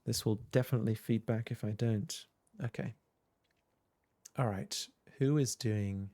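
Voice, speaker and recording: A man's voice: mid-range voice, unhurried, dark tone, no room sound. A man hosting a casual livestream, chatting to viewers in a rambling, hesitant way with many fillers. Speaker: livestream host. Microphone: desk microphone with headphones.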